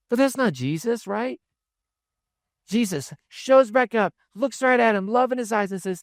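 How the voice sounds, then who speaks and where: A man's voice: very high voice, expressive, unhurried, no room sound, studio quality. Chatty man preaching a sermon. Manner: conversational storytelling with asides and chuckles. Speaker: pastor.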